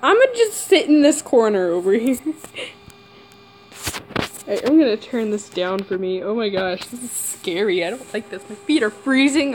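A woman's voice: a little high, very animated, a little slow, pauses often, poor audio. A woman playing a horror game and talking to herself, jumpy and nervous, squealing and giggling. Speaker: gamer. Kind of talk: horror game let's play commentary. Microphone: camera mic.

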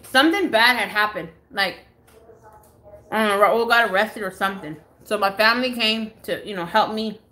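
Woman in her own home, live phone vlog, tells a story casually, swears a lot and acts out every quote, bright and lively. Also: mid-range voice, normal speed. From United States. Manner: animated, swears freely, acts out others' lines. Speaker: beauty vlogger. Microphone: phone camera.

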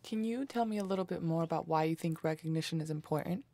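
Quick-talking young woman with a gravelly edge. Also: deep voice, warm tone, dry recording. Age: 20s. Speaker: interviewer. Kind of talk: oral history interview questions.

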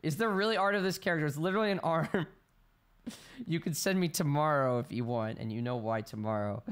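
A man doing excitable let's play commentary, shrieking high in panic, then rambling, joking and reading game text aloud. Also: brisk, clear, resonant tone. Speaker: gameplay streamer. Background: game music.

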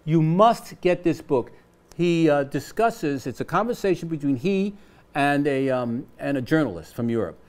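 A man's voice: a little high, expressive, normal speed, darkish tone. A man in his seventies, a guest on a studio talk show, speaking passionately and urging listeners directly. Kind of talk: passionate conversation. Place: television studio.

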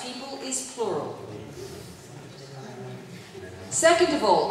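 A rather high-pitched English teacher gives her students exam advice in a clear, instructive way, very animated but a little slow, checking in with her listeners as she goes. Her voice echoes through a large hall with long reverb and faint background noise.

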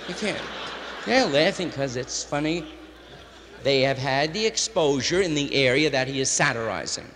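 A man's voice: mid-range voice, animated, normal speed, fairly bright tone. A man doing a rambling live stand-up routine, full of hipster slang, acting out little bits of dialogue. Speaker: stand-up comedian. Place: concert hall stage. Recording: live concert hall recording with long reverb.

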